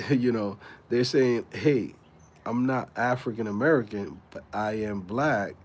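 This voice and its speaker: A man's voice: medium pitch, slow pace. A man in his thirties hosting a casual livestream, talking in laid-back slang and laughing often. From Dominican heritage. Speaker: livestream host.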